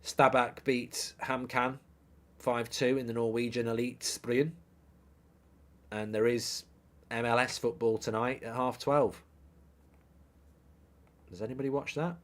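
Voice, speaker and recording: The voice is a man, middle-aged, riffing on football for a live-stream audience. He is opinionated and jokey, with casual swearing, and his voice sits at a middling pitch. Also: little pitch movement, takes it slowly, pauses often. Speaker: football watchalong host. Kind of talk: live-stream football chat, reading viewer comments.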